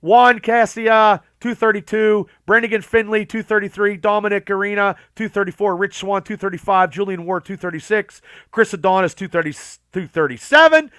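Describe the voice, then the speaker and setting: Male podcast host, high and smooth voice, dry close sound; reads a long list with blunt, swearing asides. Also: normal speed, a bit bright, no room sound. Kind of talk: casual podcast list reading.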